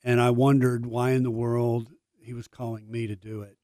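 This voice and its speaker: A man's voice: medium pitch, little pitch movement, moderate pace, dark tone, no room sound, clean studio sound. Older man telling stories. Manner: storytelling, humble and self-deprecating. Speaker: guest, former player and broadcaster. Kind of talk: casual studio interview. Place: radio studio.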